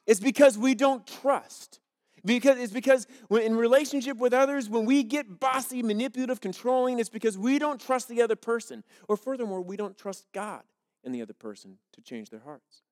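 A man's voice: very high-pitched, expressive, fairly quick, a little mellow. A pastor preaching a sermon in a conversational, storytelling way, often restarting his sentences.

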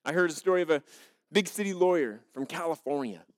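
A man's voice: on the high side, animated, quick pace. A pastor preaching a sermon in a conversational, storytelling way, often restarting his sentences.

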